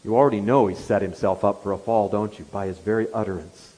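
A man's voice: lowish voice, fairly even intonation, fast talker, mellow, husky, poor audio. A man preaching an expository sermon, telling the story with animation and acting out the quoted lines.

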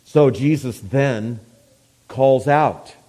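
Mellow-voiced man preaching a sermon. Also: medium pitch, very slow. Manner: dynamic preaching, swinging from hushed to loud.

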